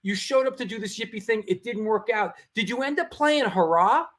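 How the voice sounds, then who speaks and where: New host, high voice, trips over his own words. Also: animated, fairly bright tone. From New York City. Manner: stammering restarts, quick backchannel agreement. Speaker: podcast host. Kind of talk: casual interview.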